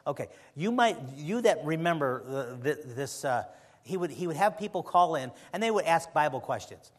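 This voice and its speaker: A man's voice: a little high, lively intonation, normal speed, in a large hall. A man preaching in a conversational way, emphatic at times and often drifting into rambling asides. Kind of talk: conversational sermon.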